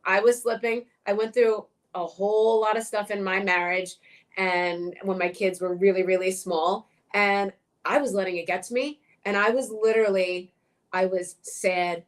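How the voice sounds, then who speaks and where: A middle-aged woman speaking as an interview guest, direct and frank, swearing and getting animated when she tells stories. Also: mid-range voice, normal speed. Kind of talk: casual interview chat.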